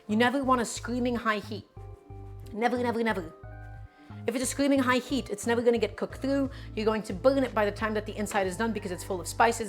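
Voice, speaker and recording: Emphatic woman teaching cooking live. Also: on the high side. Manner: emphatic, chatty, talks to chat. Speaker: cooking streamer. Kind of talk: live-stream cooking lesson.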